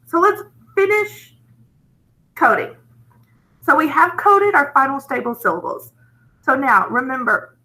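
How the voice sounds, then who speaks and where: Bright-voiced woman teaching phonics slowly. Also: on the high side, poor audio. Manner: slow, patient, gently enthusiastic explaining. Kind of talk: phonics lesson.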